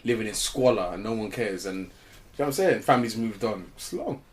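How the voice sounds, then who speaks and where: A man's voice: fairly low pitch, fairly quick. A man, joking around in casual podcast banter and using street slang. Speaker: podcast co-host.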